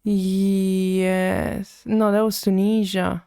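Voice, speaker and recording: A woman streamer talks slowly, half to herself, as she works at her computer. Her voice sits at a middle pitch and sounds close and dry, with no room echo. Now and then she turns to chat with her viewers. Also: level tone, dark tone, smooth. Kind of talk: casual live-stream chat while coding.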